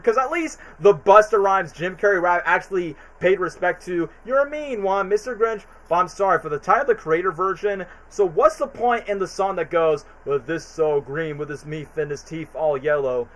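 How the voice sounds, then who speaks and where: A young man talks on a stream in a loose, opinionated way, drifting through fillers and restarts. His speaking voice sits a little high for a man. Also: a bit bright, rough recording. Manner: rambling, chatty, frequent fillers and restarts. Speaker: streamer ranking movies. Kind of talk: casual opinionated commentary stream.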